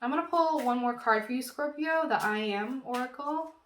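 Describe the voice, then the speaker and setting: A woman giving an intuitive tarot reading, talking in a gentle, reassuring and casual way with lots of fillers. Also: high-pitched, moderate pace, few pauses, reverberant, slight background noise. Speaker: tarot reader.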